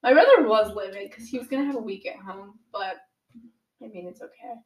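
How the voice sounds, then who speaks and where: A teenage girl dramatically retells a story from her own life in casual chat, animated and full of "like"s and acted-out quotes. Her mid-range voice moves a little fast, and the low-quality recording sounds roomy.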